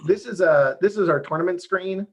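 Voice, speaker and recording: Brief: husky man on a video call, animated explainer full of restarts. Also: high voice. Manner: animated, talks fast with many restarts and fillers. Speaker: game developer guest. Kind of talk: casual interview explaining a game.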